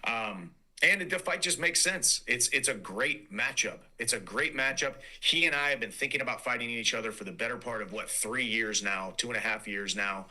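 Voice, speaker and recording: A man's voice: medium pitch, moderate pace, bright, forceful tone, poor audio. Earnest man in a played interview clip. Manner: earnest, repetitive, with fillers. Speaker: interviewed athlete. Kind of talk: interview answer played back.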